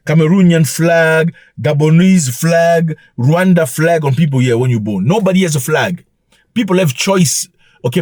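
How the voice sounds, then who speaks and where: A man hosts his own commentary show, lecturing his audience in an emphatic, scolding way. His husky voice is pitched a little high and leaps widely between highs and lows. Faint music sits under him. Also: a little mellow, dry recording, studio quality. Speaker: commentary channel host. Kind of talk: opinionated commentary monologue.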